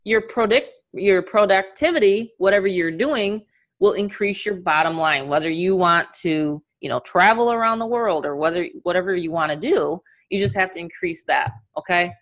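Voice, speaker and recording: A middle-aged woman with a New York accent who leads a live online business training over a video call, talking in an energetic, chatty way and laughing often. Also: on the low side, normal speed.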